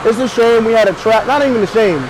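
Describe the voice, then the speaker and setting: A man's voice: very high voice, quick pace. A man hosting a casual food review vlog. He talks bluntly and with lots of slang, giving opinions on each dish. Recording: noisy outdoor street sound.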